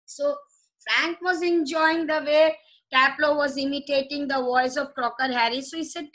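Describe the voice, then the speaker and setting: A woman's voice: sits high, steady tone, normal speed, a bit bright, poor audio. A woman teacher giving a lesson on a play. She reads it line by line, paraphrases each line and checks that the class has understood.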